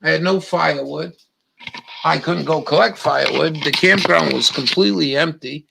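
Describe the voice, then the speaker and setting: A man's voice: fairly high pitch, normal speed, creaky, echoey room, recorded from a distance, noisy background. An older man telling rambling, profane stories in a meandering monologue. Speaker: vlogger.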